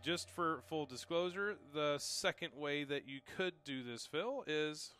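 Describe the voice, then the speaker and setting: Relaxed male drum teacher. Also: fairly high pitch, a little slow, over loud music. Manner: relaxed, reassuring, counts and calls out strokes aloud. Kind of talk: casual instructional talk. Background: drum kit playing.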